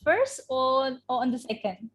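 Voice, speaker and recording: A woman's voice: high-pitched, expressive, a little slow, a loud crowd. A woman with an Indonesian accent teaching English vocabulary in a classroom, having students repeat words after her. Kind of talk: classroom lesson.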